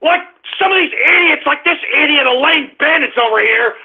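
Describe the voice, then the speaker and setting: A man hosting an internet radio show, ranting and shouting angrily with heavy cursing. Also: very high-pitched, animated, normal speed. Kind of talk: angry political rant. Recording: tinny phone-like line.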